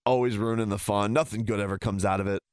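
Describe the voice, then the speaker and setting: A man's voice: on the low side, fairly even intonation, quick pace, a little mellow, smooth, dry recording, clean studio sound. A man ranting heatedly and sarcastically as a sports talk host.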